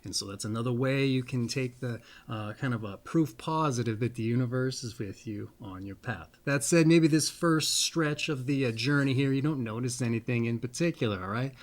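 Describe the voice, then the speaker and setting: A man's voice: medium pitch, moderate pace, few pauses. Rambling, folksy man host. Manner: rambling, folksy, repeats pet phrases. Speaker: astrology video host. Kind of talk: casual spoken monologue.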